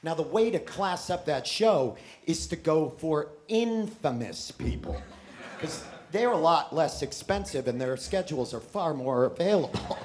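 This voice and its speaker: A man doing a stand-up set in a theater, loud and mocking, swearing and acting out voices. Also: a little high, animated, measured pace. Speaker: stand-up comedian. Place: theater stage before a live audience. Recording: echoey live theater recording with noise.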